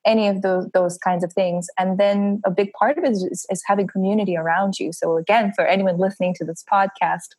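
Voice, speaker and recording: A woman's voice: mid-range voice, steady tone, fairly quick, few pauses, a little mellow, dry recording, low-quality recording. A woman in her thirties, a podcast guest who talks openly and laughs often between her phrases. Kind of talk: candid casual interview chat.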